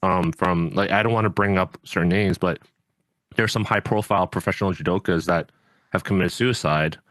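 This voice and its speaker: A man's voice: sits low, a bit bright, no room sound. A man hosting a podcast, talking in an earnest, rambling way with many fillers and restarts. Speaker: podcast host and judo coach. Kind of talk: casual podcast chat.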